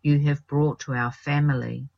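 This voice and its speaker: The reader voicing a harsh, merciless nun who shouts in shrill fury, in a lo-fi recording. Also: little pitch movement, normal speed, vocal fry, no echo, close to an everyday voice. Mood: furious.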